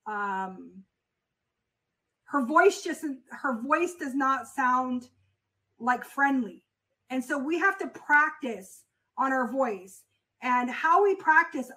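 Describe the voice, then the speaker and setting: A woman with a high, bright, sharp-edged voice teaches a casual class on phone sales. She talks straight to her students, repeats her main points and leans on fillers as she explains. Her tone stays conversational and instructive. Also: poor audio. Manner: conversational, addresses the class directly. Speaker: sales coach for freight brokers. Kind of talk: casual spoken lesson.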